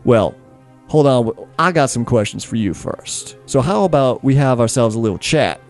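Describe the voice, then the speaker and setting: A man voicing a wary Southern camp leader with a put-on Appalachian accent, questioning strangers in a folksy, gruff way. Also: mid-range voice, animated, normal speed, soft background music, lightly acted. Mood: suspicious.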